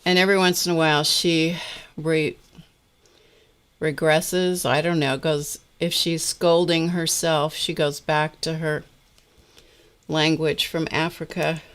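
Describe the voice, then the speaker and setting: While crafting on her art livestream, this host chats casually and pokes fun at herself in rambling asides. She speaks slowly in a low, fairly bright voice with a flat delivery.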